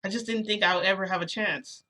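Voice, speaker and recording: A woman's voice: medium pitch, steady tone, fast, pushed and bright, natural voice. A woman voicing a chatty, cheerful male school principal who talks on insistently, in a casual storytime retelling. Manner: talkative, jovial, insistent.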